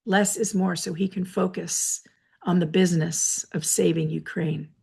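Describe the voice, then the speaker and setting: A woman hosting a reflective solo talk from her office, explaining ideas in a measured, lecturing way with personal asides. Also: lowish voice, steady tone, vocal fry, a little mellow, slightly rough. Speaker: host.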